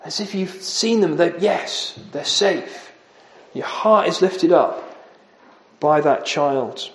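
A man's voice: on the high side, expressive, slow pace, reverberant, poor audio. A man preaching an earnest expository sermon, often dropping his voice for emphasis.

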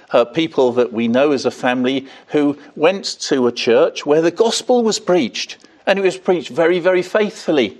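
An older man preaching an evening sermon in an earnest way, asking rhetorical questions and rising on key words. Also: fairly high pitch.

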